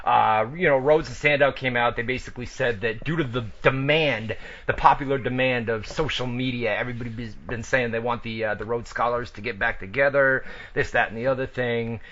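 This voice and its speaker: Brief: male host, bright forceful voice, profane rambling banter, dull lo-fi radio sound. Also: mid-range voice, steady tone, a little fast, hardly any pauses. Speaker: wrestling show host. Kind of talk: casual radio chat.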